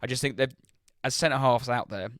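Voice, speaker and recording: A man co-hosting a football podcast, chatting casually and telling stories with quick restarts. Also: medium pitch, dry recording, studio quality. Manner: animated storytelling with quick restarts. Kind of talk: casual chat.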